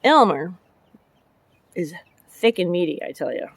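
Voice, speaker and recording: A woman's voice: lowish voice, sing-song, unhurried, vocal fry, dry recording. Chatty rambling woman vlogging. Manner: chatty, jumps between topics, laughs often. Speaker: vlogger and public works truck driver. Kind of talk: casual rambling vlog chat.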